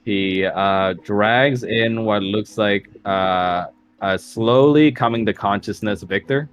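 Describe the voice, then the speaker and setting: A man's voice: fairly low pitch, takes it slowly, poor audio. A man narrating a tabletop game as game master, casual and full of fillers.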